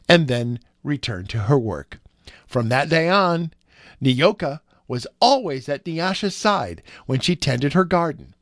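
A man reading a storybook aloud with an expressive, measured delivery. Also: on the high side, dry recording, clean studio sound.

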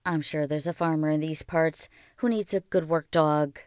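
A woman reading the part of a calm, firm woman country doctor in a quiet, slow, measured voice. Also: sits low, clean tone, dry recording, studio quality, lightly acted. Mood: coaxing.

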